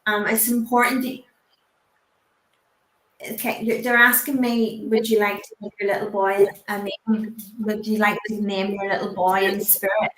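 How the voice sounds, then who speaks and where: A woman working as a psychic medium, giving a spiritual reading on a chat show in a halting way, often pausing on "um" and "I want to say". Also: medium pitch, little pitch movement, a bit bright, echoey room, low-quality recording.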